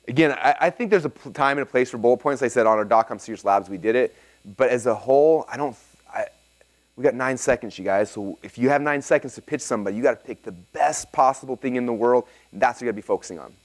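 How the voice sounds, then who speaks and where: A man teaching a live seminar to an audience and taking their questions, energetic and excitable, often checking in with "okay?". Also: mid-range voice, quick pace. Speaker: seminar presenter.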